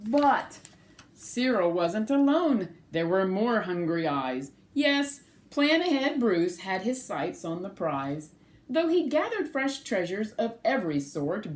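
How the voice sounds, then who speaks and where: A woman reads a rhyming picture book aloud to children, animated and sing-song, pausing to ask them questions. Her voice is fairly high, and she takes it slowly.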